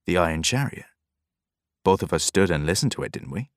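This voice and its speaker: A man voicing a tired old grey-haired fisherman who speaks in a slow, soft mutter, in an audiobook. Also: low voice, big pitch swings, no room sound, studio quality.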